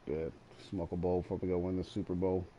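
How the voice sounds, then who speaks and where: A man's voice: sits low, flat delivery, quick pace, mellow, highs cut off, slight background noise. A man chatting casually while playing a video game with a friend, blunt and swearing constantly as he rambles. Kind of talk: casual chat over gameplay.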